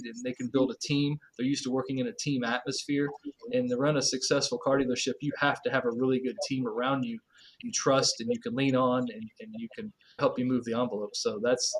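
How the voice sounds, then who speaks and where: A man's voice: medium pitch, poor audio. A man with a Kentucky accent, a car dealership manager talking casually as an interview guest.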